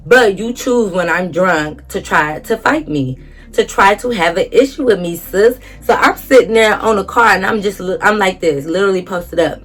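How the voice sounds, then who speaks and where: A woman's voice: mid-range voice, a little fast, faint music behind. A young woman vlogger telling a dramatic storytime story casually, acting out quotes and swearing freely.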